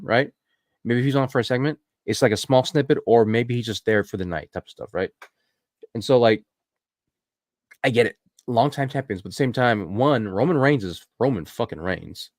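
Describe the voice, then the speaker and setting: A man's voice: fairly low pitch, no room sound, studio quality. A man co-hosting a podcast, talking casually and checking in with "right?" as he goes. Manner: casual, peppers talk with "right?" and "like". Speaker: podcast co-host. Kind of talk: casual chat.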